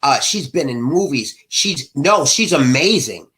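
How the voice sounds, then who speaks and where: A man's voice: medium pitch, animated, measured pace, crowd noise. A middle-aged man, an author being interviewed, speaking with passion in a preacher-like rhythm. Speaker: author guest. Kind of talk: emotional interview talk.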